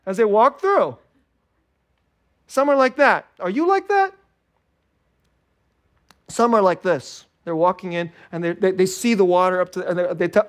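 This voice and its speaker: A male pastor preaching a sermon in an animated way, acting out little scenes and laughing often. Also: sits high, normal speed, pauses often. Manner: animated, acts out scared and joyful voices, laughs often.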